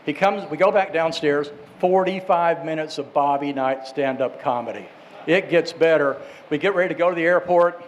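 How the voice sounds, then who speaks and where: Higher-voiced man telling a rambling story. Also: normal speed, a little hiss or hum, poor audio. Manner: rambling, with restarts and asides. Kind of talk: casual anecdote telling.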